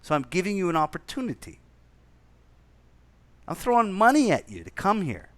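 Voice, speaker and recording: A man's voice: high-pitched, big pitch swings, moderate pace, fairly bright tone, no room sound. A man from Canada in casual chat, rambling and swearing with many restarts.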